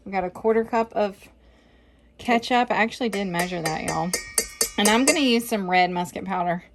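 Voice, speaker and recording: A woman's voice: medium pitch, normal speed, background noise. A middle-aged woman, chatting folksily and joking at herself as she cooks in her home kitchen. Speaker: vlog host cooking. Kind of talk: casual cooking vlog chat.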